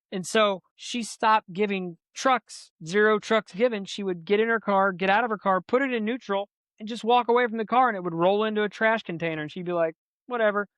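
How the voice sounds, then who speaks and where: A man co-hosting a podcast, telling stories in a lively way and acting out the quotes. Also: high-pitched, dry recording. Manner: animated storyteller, acts out quotes. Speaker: podcast co-host. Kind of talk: casual storytelling chat.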